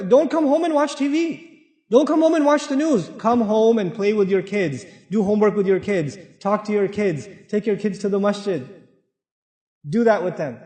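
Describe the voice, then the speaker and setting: A man's voice: extremely high pitch, darkish tone. A man giving a sermon to a live audience, direct and joking, repeating points for emphasis. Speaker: speaker giving a talk. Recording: echoey hall, long reverb.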